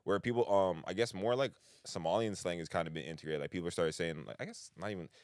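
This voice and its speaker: A man with a Toronto accent hosting a casual podcast chat, animated and slangy, swearing freely. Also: low-pitched, quick pace, no echo, studio quality. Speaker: podcast host.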